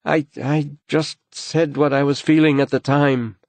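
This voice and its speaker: A man's voice: on the high side, level tone, measured pace, no echo, voice pushed up. A man voicing a tense, frightened wife and mother in an audiobook, talking sharply and anxiously. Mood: subdued. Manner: sharp and anxious, rising into anger.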